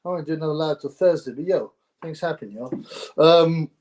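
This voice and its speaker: Young guy rambling on a livestream, bit higher voice, lots of slang and laughs. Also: fairly quick, darkish tone. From United Kingdom. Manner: rambling, laughs often, slangy street talk. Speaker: livestream host. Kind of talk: casual solo livestream chat.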